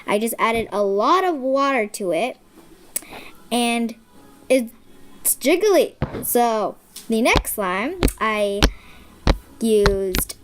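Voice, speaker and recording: A woman casually showing off her slime collection in an excitable, rambling, playful way. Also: on the high side, extremely slow, pauses often. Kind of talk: casual chatty show-and-tell. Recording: noisy home recording.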